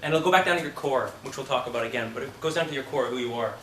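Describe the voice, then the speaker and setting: A man teaching an acting class, talking casually and telling lively stories with the odd curse. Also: medium pitch, racing, noisy background. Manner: chatty, animated storytelling with profanity. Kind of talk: classroom lecture with anecdotes. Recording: roomy classroom from a distance.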